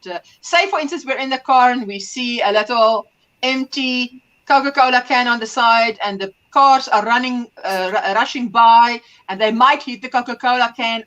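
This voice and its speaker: A woman hosting a casual craft livestream, chatting warmly and greeting viewers by name. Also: fairly high pitch, dull audio. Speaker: livestream host.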